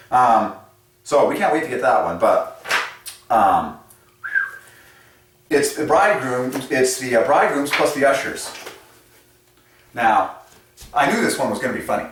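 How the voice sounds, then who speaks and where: Animated man in an echoey room. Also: lowish voice, moderate pace, long pauses. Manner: animated, chuckles often, playful asides. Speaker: channel host presenting number patterns. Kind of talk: casual explanatory monologue. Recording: echoey room, mic set at a distance.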